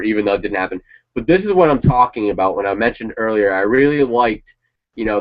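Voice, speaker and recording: A man chatting casually and swearing now and then as he reacts to a wrestling show. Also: fairly low pitch. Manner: rambling, opinionated, swears casually. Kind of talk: casual chat. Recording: dull lo-fi sound.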